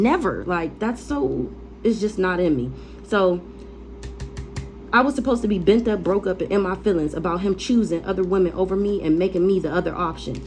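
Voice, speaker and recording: A woman with a fairly low voice, a tarot reader, rants casually, blunt, defiant and profane, repeating phrases for emphasis. There's slight background noise.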